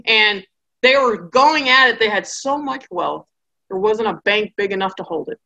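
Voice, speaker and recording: A woman teaching a Bible study class in a lively storytelling style, acting out the people in her stories. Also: mid-range voice, normal speed, lo-fi sound. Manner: acts out characters' voices in quotes.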